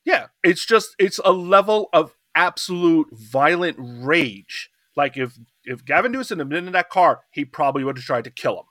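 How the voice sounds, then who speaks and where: A man's voice: on the high side, animated, moderate pace, few pauses, fairly bright tone, no echo, clean studio sound. A middle-aged man co-hosting a podcast, talking in a casual roundtable discussion, impassioned and rambling with restarts. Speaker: podcast co-host.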